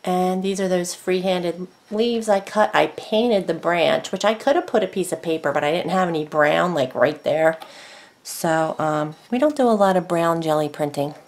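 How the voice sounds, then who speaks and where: A woman's voice: on the low side, moderate pace. Rambling woman showing her crafts. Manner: rambling, lots of fillers and self-corrections. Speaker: craft vlogger. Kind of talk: casual craft show-and-tell.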